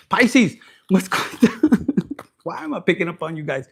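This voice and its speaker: A man's voice: high-pitched, sing-song, slow pace, creaky, pauses often, a bit bright, breathy edge. A man giving a raunchy, joking live tarot reading, slipping in Spanish. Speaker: tarot reader.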